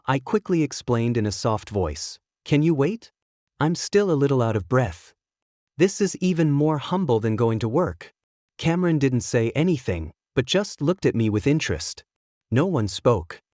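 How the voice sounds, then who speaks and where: A man's voice: mid-range voice, a little mellow, no room sound, clean studio sound. Man reading a first-person story. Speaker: narrator.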